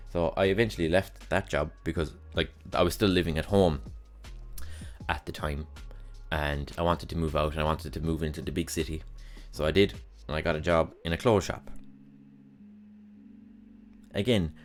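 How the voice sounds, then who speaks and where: A young man hosting a podcast, telling rambling, sweary stories about his past jobs with exasperated humor. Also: sits low. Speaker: podcast host. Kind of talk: casual solo monologue.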